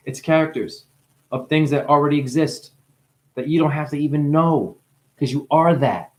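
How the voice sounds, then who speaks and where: A man with a New Jersey accent giving a rambling spiritual monologue as a livestream host. He swears freely and swings from loud bursts to hushed musing. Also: a little high, unhurried, long pauses.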